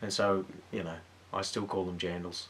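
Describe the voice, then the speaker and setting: A man with a New Zealand accent, a guest chatting in a relaxed, joking way. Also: low-pitched, moderate pace. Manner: laid-back, joking. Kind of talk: casual chat.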